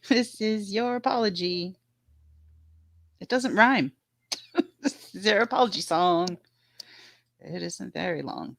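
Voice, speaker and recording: A woman's voice: on the low side, fairly bright tone, no room sound. A woman chatting casually on a live stream, laughing often and telling stories about her dog.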